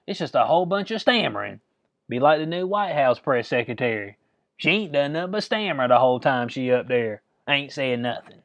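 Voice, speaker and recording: A man's voice: medium pitch, lively intonation, fairly quick, no echo. A man, casually reading news aloud and joking about it. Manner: laid-back, joking, reads articles aloud. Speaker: commentary vlogger. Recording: dry, dull lo-fi mic.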